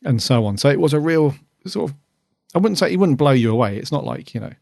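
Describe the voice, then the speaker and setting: Male podcast co-host, casual and rambling, creaky mid-pitched voice, dry sound. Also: lively intonation, quick pace, darkish tone, no room sound. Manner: chatty, rambling with many ums. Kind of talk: casual review chat.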